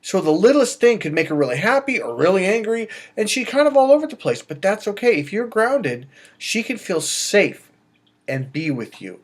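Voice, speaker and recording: A middle-aged man, a dating coach, giving emphatic advice straight to camera, swinging between loud bursts and quiet asides. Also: sits high, big pitch swings, moderate pace. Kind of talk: direct-to-camera advice monologue.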